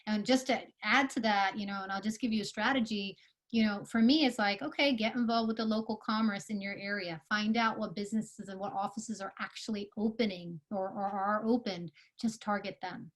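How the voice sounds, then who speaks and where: A woman's voice: medium pitch, fairly even intonation, brisk. A woman giving a live online workshop talk to founders, earnest and coaching, with many fillers and restarts. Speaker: conference speaker.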